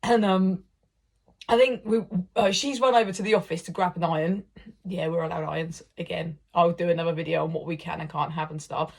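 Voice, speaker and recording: A woman's voice: on the low side, steady tone, a little fast, creaky, breathy edge. A British woman casually telling a personal story to camera, chatty and rambling with lots of "like" and "um". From United Kingdom. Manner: chatty and rambling, heavy use of "like" and "um". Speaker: vlogger, former prisoner.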